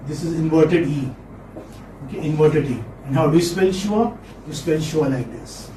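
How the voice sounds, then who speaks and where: In an echoey room, far from the mic and with slight background noise, a man with a slightly high, dark-toned voice lectures on phonetics at a moderate pace. He encourages his students and repeats key terms.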